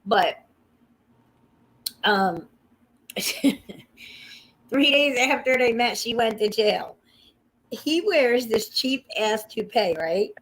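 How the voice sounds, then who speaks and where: Brief: woman, slightly high voice, excitable gossip host, casual and profane. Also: extremely slow, pauses often. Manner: gossipy, excitable, swears freely, addresses viewers. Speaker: livestream host. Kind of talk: casual chat.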